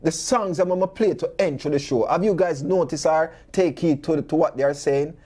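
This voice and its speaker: A man with a Jamaican accent, hosting a talk show monologue full of rhetorical questions and animated stories in patois. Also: fairly high pitch, moderate pace.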